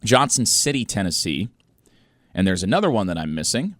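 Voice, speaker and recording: A young man hosting a college sports radio show, giving energetic, opinionated commentary with emphatic stresses. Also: on the low side, a little fast, no echo, studio quality.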